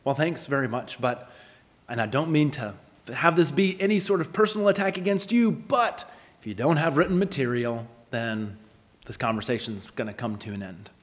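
A man preaching a sermon in an earnest, explanatory way, with lively storytelling asides. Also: medium pitch, moderate pace. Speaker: pastor. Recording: long hall reverb.

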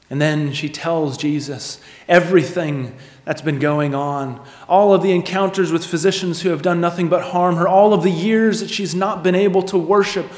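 A male pastor preaching a sermon, speeding up and dropping to a hush as he acts out the voices of the story. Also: fairly high pitch. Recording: echoey hall.

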